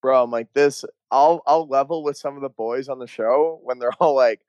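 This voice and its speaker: A man's voice: mid-range voice, normal speed, a little mellow, no echo, dull audio. A young man co-hosting a podcast, chatting casually and laughing, with lots of slang and swearing. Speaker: podcast co-host. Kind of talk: casual chat.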